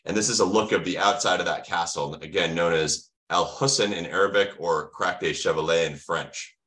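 Deep-voiced American man lecturing. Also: moderate pace, fairly bright tone. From United States. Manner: enthusiastic teacherly, asks questions then answers. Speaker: medical lecturer. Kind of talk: online lecture with slides.

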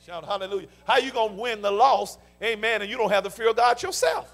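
A pastor with a high, heavily gravelly voice preaches to his congregation, tossing out questions and shouting the answers back. Music plays softly under him in the sanctuary. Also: lively intonation, fast, hardly any pauses. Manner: call-and-response preaching, shouting peaks. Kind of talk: sermon. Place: church sanctuary.

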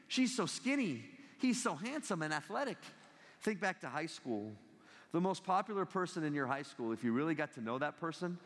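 A middle-aged American man with a slightly high voice gives a motivational talk on a college stage. He tells stories with energy and keeps asking the audience questions. His voice rings out with the long reverb of a large hall. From United States. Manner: animated storyteller, asks the audience questions. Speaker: guest speaker, ethics professor.

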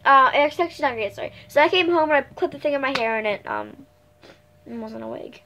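A teenage girl telling stories to her viewers in a loose, rambling way. She fills gaps with fillers and keeps correcting herself. Her voice sits a little high for her age. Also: big pitch swings, fast talker, pushed and bright, a little hiss or hum. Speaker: vlogger. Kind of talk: casual storytime chat.

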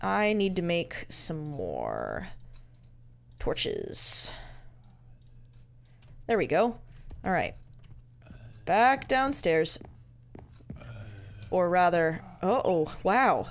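A woman's voice: on the low side, huge pitch swings, very slow, gravelly, pauses often. A woman giving casual gameplay commentary, muttering to herself in a playful, easily amused way. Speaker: let's-play gamer.

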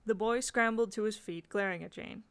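A woman with a medium-pitched, clean-toned voice reads a children's novel aloud at normal speed. She's an amateur audiobook narrator doing storybook narration, occasionally slipping and starting over.

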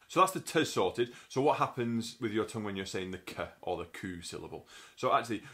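Low-voiced man teaching brass technique. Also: fairly bright tone. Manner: methodical, explanatory, sounds out syllables. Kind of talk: instructional tutorial.

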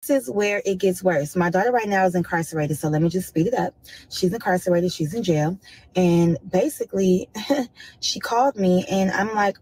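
A woman's voice: on the low side, normal speed, darkish tone, slightly rough, poor audio. A woman in an interview clip, rambling as she retells conversations with her daughter. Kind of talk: interview storytelling.

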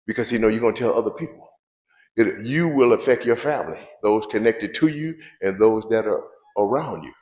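A man's voice: on the low side, a little mellow, roomy sound. A male pastor preaching a sermon, repeating key phrases and asking the congregation questions. He talks in an informal, conversational way. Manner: preaching with call-and-response questions and repetition; informal spoken grammar, drops verbs.

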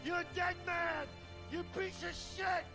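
An actor voicing a furious, betrayed adult male convict in a video game who shouts threats and curses. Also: very high voice, flat delivery, a little slow, gravelly, over music, exaggerated voice. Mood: enraged.

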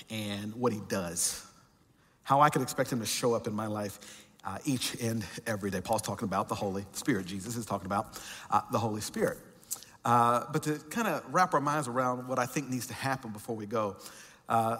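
A man's voice: medium pitch, a bit bright. Male pastor preaching in a reverberant church. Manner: conversational, humorous storytelling with fillers. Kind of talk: sermon. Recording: church hall with long reverb.

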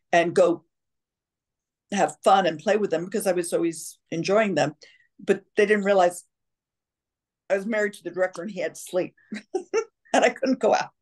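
A woman, an actress, chatting as an interview guest and telling stories animatedly, sometimes slipping into little voices. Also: lowish voice. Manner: animated storyteller, slips into voices. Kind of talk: casual chat.

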